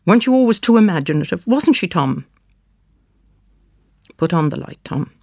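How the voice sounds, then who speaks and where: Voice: mid-range voice, unhurried, creaky, a little mellow, dry recording, studio quality. A reader voicing a bedridden mother who is frantic and accusing, then keening in despair, in a dramatic storybook reading.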